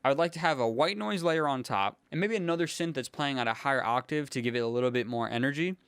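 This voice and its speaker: A young man, a music producer, casually thinking aloud in a relaxed, slangy way as he builds a track in his home studio. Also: medium pitch, fast, clean tone, no echo. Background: faint synth music playing.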